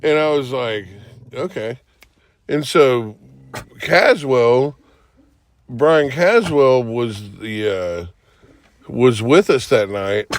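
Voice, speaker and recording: A man's voice: medium pitch, lively intonation, extremely slow, no echo. A man telling a long rambling story in casual podcast chat, swearing and acting out what people said. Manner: rambling, profane, acts out quotes with sudden shouts. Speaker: podcast host.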